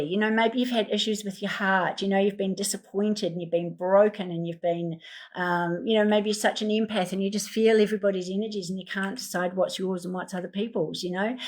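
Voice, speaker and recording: A woman guides listeners through an emotional healing meditation. She talks in slow, soothing, repetitive prompts with a steady mid-range voice and plenty of casual fillers. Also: mid-range voice. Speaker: healing facilitator.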